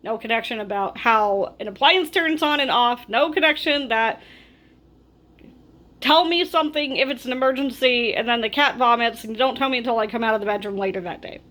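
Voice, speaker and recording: Bright, high-voiced exasperated woman. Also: a little fast. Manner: exasperated, animated ranting. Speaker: vlogger. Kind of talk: storytime vlog.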